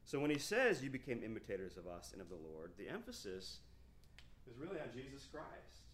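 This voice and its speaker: A man's voice: mid-range voice, very animated, a little fast, a bit bright, a little hiss or hum. A man in his thirties preaching a verse-by-verse sermon, reading scripture aloud and explaining it conversationally with frequent restarts. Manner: reads scripture aloud with emphasis. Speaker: pastor. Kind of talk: expository sermon.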